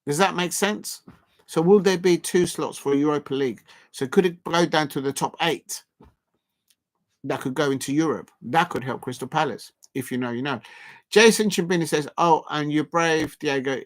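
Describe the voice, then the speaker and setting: A man's voice: a little high, moderate pace. Guy rambling on a footy watchalong stream, reading out chat and going off on tangents. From South London. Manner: rambling, chatty, reads and answers viewer messages. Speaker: livestream host. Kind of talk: live football watchalong chat.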